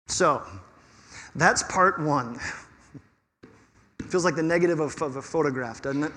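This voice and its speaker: A man preaching a sermon as pastor, conversational and animated, asking his listeners rhetorical questions. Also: fairly high pitch, slow pace, pauses often. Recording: long reverb of a hall.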